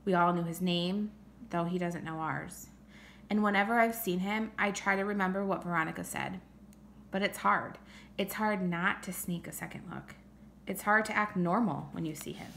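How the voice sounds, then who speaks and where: A woman's voice: lowish voice, normal speed, vocal fry, a bit bright, a little hiss or hum. A woman narrating a first-person story aloud in a plain, conversational way. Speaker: audiobook reader.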